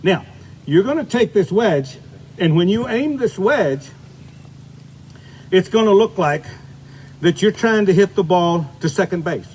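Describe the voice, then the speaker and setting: A man's voice: sits high, expressive, a little slow, pauses often, a little mellow, slight background noise. An older man giving a golf lesson outdoors, chatty and folksy, demonstrating shots as he talks. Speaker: golf instructor.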